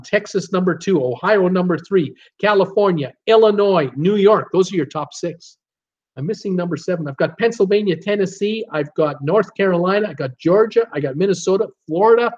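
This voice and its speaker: A man's voice: high voice, a little fast. A middle-aged Canadian man hosting a live trivia stream, chatty and jokey as he reads out viewers' names and their guesses. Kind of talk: live stream chat, reading viewer answers. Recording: dull lo-fi stream audio.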